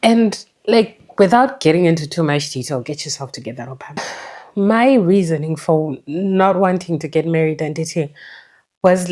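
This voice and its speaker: A young woman from Zimbabwe, talking candidly and reflectively in a personal vlog chat, with halting restarts. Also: fairly low pitch, a little mellow. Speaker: book vlogger.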